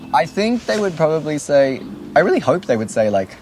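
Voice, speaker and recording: A young man in his twenties from Australia, answering interview questions in a relaxed, playful, self-deprecating way outdoors at a home. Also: fairly high pitch, a little fast, a little hiss or hum.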